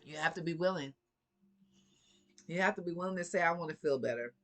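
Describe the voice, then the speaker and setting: Woman vlogger, bright sassy motivational chat. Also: lowish voice, fairly quick. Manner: sassy, preachy, laughs often, swears freely. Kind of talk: casual motivational talk to camera.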